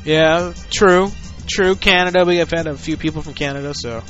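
A man's voice: a little high, moderate pace, fairly bright tone, soft background music. A man hosting a prank-call podcast who chats loosely and crudely, with plenty of fillers. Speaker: podcast host. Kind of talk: casual prank-call show banter. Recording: lo-fi podcast audio.

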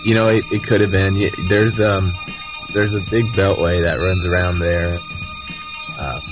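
A man in casual chat, talking haltingly with many pauses and fillers. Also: deep voice, little pitch movement, over music, low-quality recording. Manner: halting, full of uh and um.

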